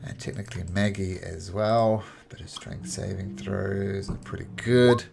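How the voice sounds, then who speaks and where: A man narrating as game master of a tabletop game, with lively, chuckling narration. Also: deep voice, measured pace, vocal fry, noisy background.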